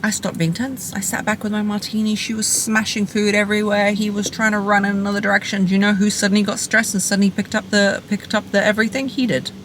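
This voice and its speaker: A woman's voice: medium pitch, flat delivery, fast talker, hardly any pauses, a bit bright, a little hiss or hum. A woman speaking as a relationship coach, giving direct-to-camera advice in an emphatic, playful and blunt way, repeating punchy phrases.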